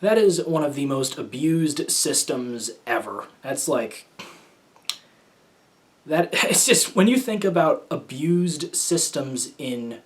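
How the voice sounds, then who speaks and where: A man's voice: on the high side, lively intonation, takes it slowly. A young man from the United States telling stories as a show host in casual solo talk, rambling and hesitant, with many fillers and restarts.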